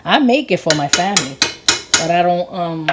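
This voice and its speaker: A woman in her thirties from Puerto Rico hosting a casual cooking vlog, excitable and laughing often as she tastes food in her kitchen. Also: fairly low pitch, normal speed, heavy background noise. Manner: excitable, laughs often, talks while tasting. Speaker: cooking channel host.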